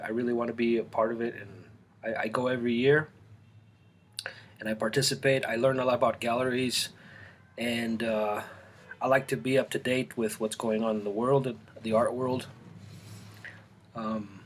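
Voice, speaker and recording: Man born in Colombia, forties, casual rambling studio vlog, hesitant restarts, faint background hiss. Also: mid-range voice. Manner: rambling, halting, with many restarts and fillers. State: eating, mouth full at times. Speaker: artist and channel host. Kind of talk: casual chat to camera. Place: home art studio.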